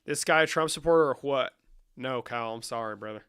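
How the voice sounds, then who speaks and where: A man with a mid-range, fairly bright, smooth voice talks fast, rambling through a comedic screen-share vlog. He keeps up a profane, mock-serious running banter as the comedic creator.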